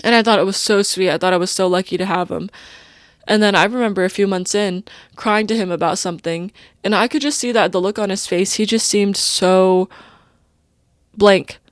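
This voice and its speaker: At a normal speed and in a steady tone, a young woman with a mid-range voice talks personally and emotionally on her podcast. The confessional monologue meanders, full of "like" and "you know." The recording has clean studio sound and no room sound.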